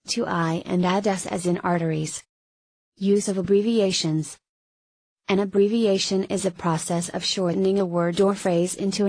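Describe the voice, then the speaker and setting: A woman reading medical terminology textbook pages aloud, word by word, in a flat, measured way. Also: on the low side, no room sound, poor audio. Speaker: narrator of a medical terminology lesson.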